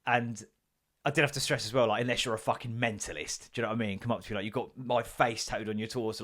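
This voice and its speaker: A man's voice: mid-range voice, fast talker. A man, telling stories in a sweary solo comedy podcast rant and acting out the people he quotes. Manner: sweary, animated storytelling with acted quotes. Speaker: podcast host.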